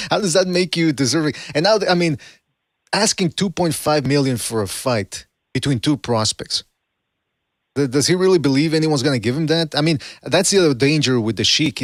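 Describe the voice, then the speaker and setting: A man hosting a call-in podcast in casual chat, a non-native English speaker, animated and mocking with frequent restarts. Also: mid-range voice, no echo, studio quality. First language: not English. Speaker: podcast host.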